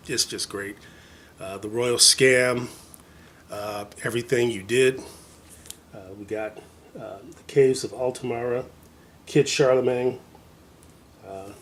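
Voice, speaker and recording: A man shows off his record collection in a casual vlog, rambling enthusiastically with plenty of fillers and jokey asides. His voice is medium in pitch with a fairly bright tone.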